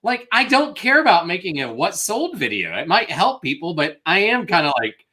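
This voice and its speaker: A man's voice: sits high, sing-song, normal speed, pushed and bright, a little hiss or hum. A man co-hosting a casual live stream, chatty and rambling. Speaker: co-host of a reseller live show.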